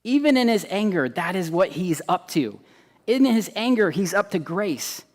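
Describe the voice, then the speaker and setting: A man preaching a sermon, animated, acting out quoted voices and swinging between loud emphasis and hushed asides. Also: high-pitched, normal speed, long reverb tail. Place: church hall.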